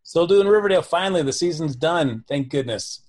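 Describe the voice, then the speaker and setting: A man on a casual chat panel, speaking haltingly with fillers and pauses. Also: on the high side, animated, a little mellow.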